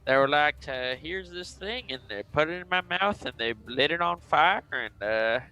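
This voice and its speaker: A man's voice: fairly high pitch, expressive, normal speed, bright, forceful tone, clear, resonant tone, dull audio, soft background music. A man speaking in character in a tabletop role-playing game, rambling and drawling with many fillers. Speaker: player.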